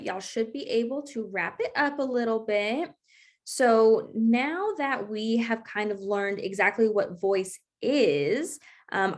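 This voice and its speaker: Encouraging young woman teaching class online. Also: medium pitch. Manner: encouraging, checks in with frequent okays.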